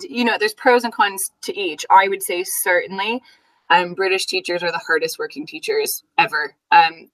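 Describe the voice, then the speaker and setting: A woman's voice: on the low side, a bit bright, poor audio. A young adult woman from Canada, a teacher giving an interview in a chatty way, with frequent fillers and laughs. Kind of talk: casual conversational interview.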